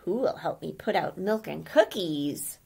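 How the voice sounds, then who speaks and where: Woman voicing a little elf, sweet, patient, slow-paced. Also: on the low side, animated, gravelly, darkish tone, slightly rough, exaggerated voice. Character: hardworking little female elf.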